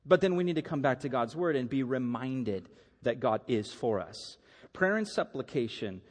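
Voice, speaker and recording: A man's voice: medium pitch, lively intonation, normal speed, big-room sound. A middle-aged man preaching a sermon as a pastor, telling stories animatedly and acting out the quotes.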